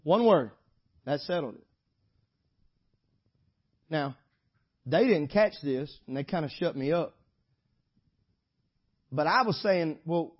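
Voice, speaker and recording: A man preaching a sermon, shifting from loud exhortation to quiet storytelling. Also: high-pitched, expressive, unhurried, pauses often, slightly rough, lo-fi sound. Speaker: pastor.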